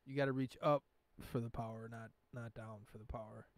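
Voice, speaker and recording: A man's voice: mid-range voice, steady tone, brisk. A man hosting a podcast in casual chat, rambling and profane, with lots of filler words. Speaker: podcast host.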